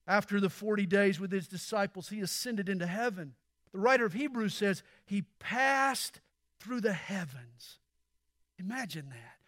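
A high-pitched man preaching a sermon in a slow, measured rhythm. His bright, forceful tone swells toward near-shouts at the peaks, and he often turns to the congregation with direct questions. The sound is dry and close, with no room echo. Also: lively intonation. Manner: talks straight to the congregation with questions. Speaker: pastor.

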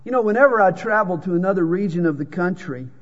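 Southern-drawling preacher, reverberant hall. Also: male voice, high voice, animated, fast, husky. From American South. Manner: folksy preaching with jokes and scripture readings. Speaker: pastor. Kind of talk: sermon. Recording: dull lo-fi sound with long hall reverb.

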